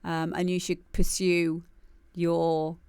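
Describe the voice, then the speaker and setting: A woman's voice: lowish voice, monotone, slow pace, a little mellow, smooth, no echo, studio quality. A woman hosting a live music demo show, chatting casually and laughing often. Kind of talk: casual live-stream chat.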